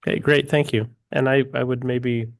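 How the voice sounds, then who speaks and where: A man chairing a public commission meeting, running the votes briskly. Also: medium pitch, steady tone, creaky, no room sound, clean studio sound. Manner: brisk, procedural.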